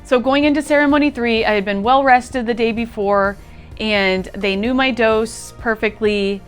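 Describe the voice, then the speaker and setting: A woman telling an emotional personal story as a guest, earnest and moved, sometimes laughing through tears, over soft music. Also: a little high, fairly even intonation, moderate pace. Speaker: guest sharing a retreat testimonial.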